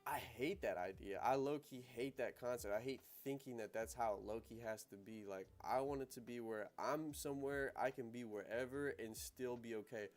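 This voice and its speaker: A man's voice: mid-range voice, normal speed, hardly any pauses. A young American man hosting a casual livestream, talking in loose slang, rambling through asides and laughing easily. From United States. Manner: slangy and loose, peppered with "bro" and "you know what I'm saying". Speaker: livestream host.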